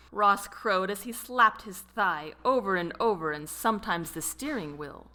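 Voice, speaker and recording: A woman narrates an audiobook at an unhurried pace. Her bright voice rises and falls expressively through the story. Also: medium pitch, expressive. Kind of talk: scripted narration.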